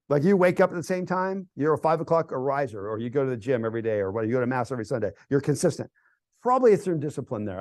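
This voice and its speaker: A middle-aged American man speaking casually to a church group, telling stories that build to loud, animated outbursts. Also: mid-range voice, no echo. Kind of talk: casual storytelling talk to a group. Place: church hall event.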